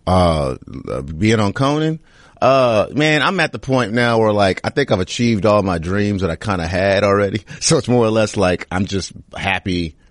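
A young man, a comedian, answering interview questions in a relaxed, rambling way. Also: lowish voice, normal speed, dry recording.

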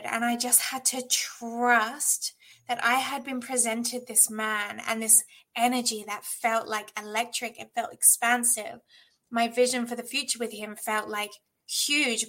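A woman's voice: on the high side, pushed and bright. Earnest woman telling a personal story. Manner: reflective, earnest, many "like" fillers. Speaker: guest, intuitive channel.

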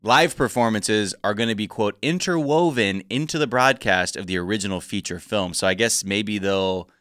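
Podcast host, male, lowish voice, bright and clear, joking, dry studio sound. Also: normal speed, no echo. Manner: joking, playful asides. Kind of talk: casual podcast chat.

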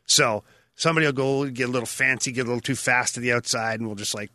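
A man talking casually on a podcast as a retired hockey player and co-host, telling lively stories and acting out what other people said. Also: medium pitch, quick pace, no room sound, clean studio sound. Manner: lively storyteller acting out quotes.

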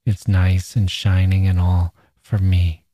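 A man reading a menacing smooth-talking young man. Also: low voice, little pitch movement, takes it slowly, mellow, no echo, studio quality. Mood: coaxing. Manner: wheedling, insistent, slangy.

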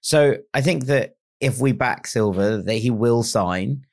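A man's voice: medium pitch, unhurried. A man co-hosting a casual fan podcast, talking things through thoughtfully and hedging his points. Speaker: podcast co-host.

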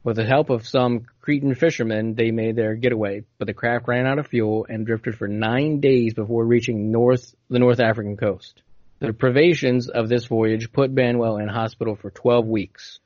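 A man's voice: mid-range voice, steady tone, moderate pace, darkish tone, no echo. Laid-back man telling a story. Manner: laid-back storytelling, stumbles over hard words. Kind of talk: casual chat, reading aloud. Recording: dull, dry lo-fi audio.

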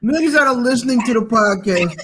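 A man's voice: animated, fast, over a noisy crowd. A man co-hosting a rowdy podcast, laughing often in casual chat. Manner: laughing, swinging pitch. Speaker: podcast co-host.

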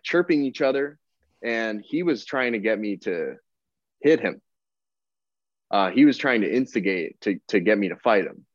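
A man's voice: fairly low pitch, no room sound. A young man, a pro baseball player, telling a story casually as a podcast guest and acting out the people in it. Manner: relaxed, chatty, quotes people in dialogue. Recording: dull, lo-fi dry sound.

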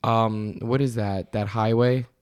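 A young man on a podcast telling a story in casual chat, animated, swearing and laughing. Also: fairly low pitch, slow pace, clean tone. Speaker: podcast guest.

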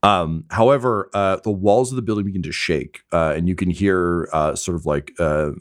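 A man's voice: low-pitched, moderate pace. A man narrating a tabletop game as game master, hesitant and full of filler words.

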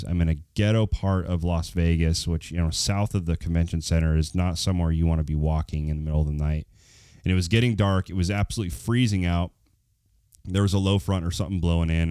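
A man's voice: deep voice, mellow, clear, resonant tone, no echo, clean studio sound. A man telling a long personal story to his viewers, rambling with lots of fillers and acting out the dialogue, while getting over a cold. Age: adult. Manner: rambling, many fillers, acts out quoted dialogue. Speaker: vlogger.

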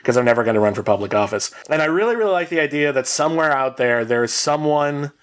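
A man's voice: mid-range voice, animated, quick pace. A man co-hosting a podcast, telling a long comic story in a rambling, self-mocking way with many fillers. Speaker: podcast co-host. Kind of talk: casual storytelling.

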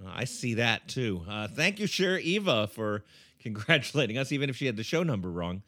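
A man's voice: medium pitch, very animated, normal speed, a bit bright. A man co-hosting a comedy podcast, wry and bemused. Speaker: podcast co-host.

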